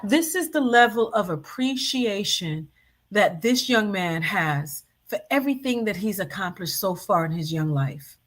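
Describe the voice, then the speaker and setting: A woman hosting a commentary show, reacting indignantly to video clips and repeating her points with big swings in pitch. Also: poor audio.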